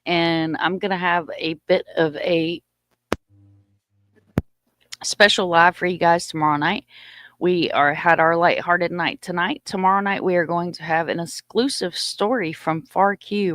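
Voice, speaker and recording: Lower-voiced lady rambling on her live stream, a bit winded, dry close mic. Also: measured pace, fairly bright tone, no echo. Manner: chatty and informal, talking to viewers. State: a little short of breath. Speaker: livestream host. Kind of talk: casual livestream chat.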